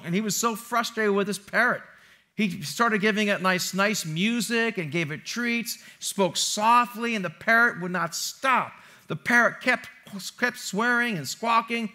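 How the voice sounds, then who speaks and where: A man's voice: sits high, sharp tone. A male pastor preaching a sermon in a church, chatty and playful, joking with the congregation. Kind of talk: sermon with a joke. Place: church sanctuary.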